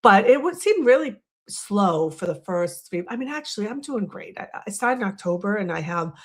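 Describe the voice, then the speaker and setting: A woman's voice: mid-range voice, sing-song, normal speed. A woman with a Boston accent hosting a casual livestream, chatty and rambling, poking fun at herself. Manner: chatty and rambling, self-deprecating. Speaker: livestream host.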